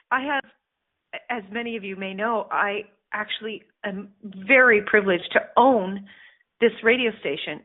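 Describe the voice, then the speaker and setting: A woman hosting a motivational radio show as a life coach, blunt and animated, swearing and laughing as she talks. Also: a little high. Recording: phone-like narrow band audio.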